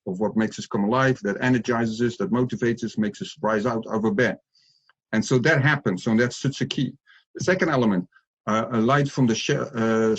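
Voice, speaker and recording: A middle-aged man, a life coach, telling his story earnestly in an interview, with reflective pauses and restarts. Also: fairly low pitch, breathy edge. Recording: muffled lo-fi audio.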